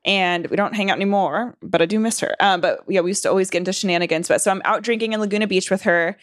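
A woman's voice: fast talker, no room sound, clean studio sound. A woman in her twenties from Southern California, telling a rambling, profane story with lots of fillers and restarts. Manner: acts out quoted voices in higher pitch. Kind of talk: casual storytelling chat.

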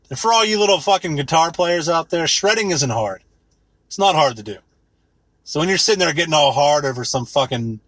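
A man in his thirties rants with sarcasm, swears freely and wanders from point to point. His voice is husky and slightly high, and it swings widely as he mocks. The recording is close and dry. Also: a bit bright, no echo. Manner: rambling, sarcastic, swears a lot, mocks with put-on quotes. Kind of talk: profane comedic rant.

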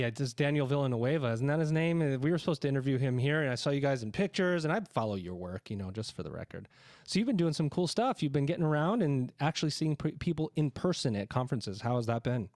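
A man's voice: mid-range voice, a little mellow, no echo. Dry, chatty male podcast host. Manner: chatty, joking, rambling. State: out of breath. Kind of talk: casual podcast chat. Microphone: studio microphone.

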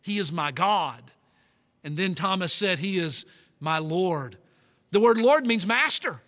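A male pastor preaching a sermon, emphatic, slowing down and stretching key words. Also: high voice, lively intonation, a bit bright. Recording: long reverb of a large hall.

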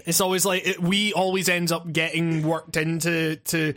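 A man's voice: a little high, level tone, fairly quick, few pauses, fairly bright tone. A man in a laid-back, profane casual chat as podcast co-host. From Scotland. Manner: laid-back, laughs often, swears.

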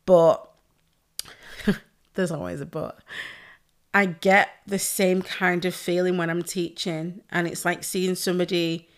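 A woman's voice: fairly low pitch, steady tone, slow pace, pauses often. A woman, a pole dance instructor, talking on a podcast in a heartfelt, effusive way and swearing freely. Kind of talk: casual podcast chat.

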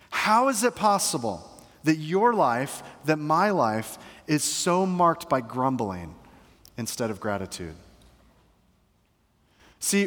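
Middle-aged male preacher, slightly high voice, earnest delivery, church hall with long reverb. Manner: earnest preaching, swings from hushed to emphatic. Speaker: pastor. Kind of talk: sermon. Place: church sanctuary.

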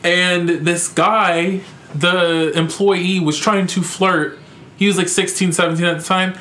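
A young man with a notably high voice tells a story on his podcast, cursing freely and sounding animated and exasperated. His voice carries a clear room echo. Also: measured pace. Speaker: podcast host. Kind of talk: casual storytelling. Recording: echoey room.

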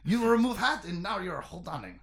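A man's voice: high voice, very animated, moderate pace, vocal fry, fairly bright tone, full character voice. A teasing space alien with a silly mock-French accent, mangling his grammar as he jabs at a friend, as a man puts him on for laughs. His phrasing wobbles between smug and goofy.

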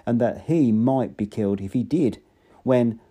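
A man's voice: medium pitch, measured pace, warm tone. A man narrating an audiobook in an unpolished reading with occasional slips and restarts.

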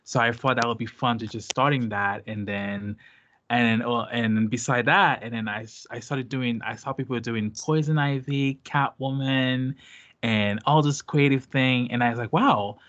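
A Haitian man with a light Haitian Creole accent talks casually and hesitantly as an interview guest, full of fillers and restarts. His mid-range voice has fairly even intonation, normal speed and a fairly bright tone, though the recording's highs are cut off.

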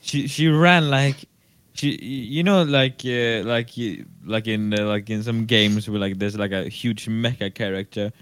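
A man co-hosting a podcast, telling a rambling story full of fillers and acted-out shouts. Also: on the low side, measured pace, dry recording. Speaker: podcast co-host. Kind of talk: casual chat.

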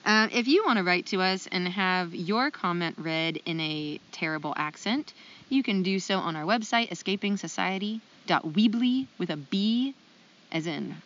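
A woman's voice: fairly low pitch, animated, normal speed, a bit bright, highs cut off, slight background noise. A woman co-hosting a casual podcast, chatty and self-deprecating, with lots of ums. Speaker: podcast co-host.

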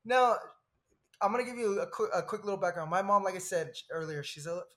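A man in his thirties from Southern California, a podcast guest telling a personal story in a lively, rambling way with frequent laughs. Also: high-pitched, a little fast. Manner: animated, laughs often, rambling asides.

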